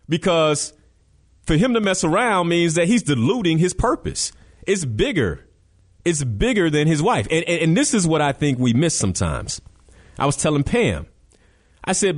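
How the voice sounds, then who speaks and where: An emphatic man hosts a motivational radio talk show. He turns to the listeners and presses his points home, and his pitch rises and falls a lot as he goes. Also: very animated, normal speed. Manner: preachy, emphatic, addresses listeners directly.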